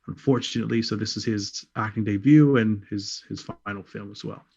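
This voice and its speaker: A man's voice: fairly low pitch, fairly even intonation, brisk, creaky, darkish tone, husky, muffled recording. A man co-hosting a podcast in casual chat, laid-back, trailing off and correcting himself. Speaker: podcast co-host.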